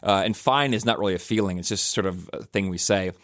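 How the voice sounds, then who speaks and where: A man hosts a reflective podcast in a relaxed, meandering way, circling back and restarting his sentences as he thinks aloud. His voice sits on the low side. The sound is dry and close, with no room echo. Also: quick pace. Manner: conversational, rambling with many restarts and fillers. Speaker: podcast host. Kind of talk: casual reflective monologue.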